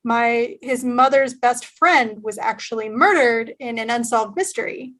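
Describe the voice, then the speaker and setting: A Texan woman chats easily on a film talk show, her voice a touch high. She is friendly and laughs easily. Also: a little slow, a bit bright. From Dallas, Texas. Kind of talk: casual chat.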